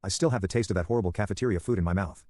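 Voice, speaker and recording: A man's voice: low voice, rapid-fire, a little mellow, no echo. A man voicing a middle-aged father making chatty small talk with forced cheer in a horror story.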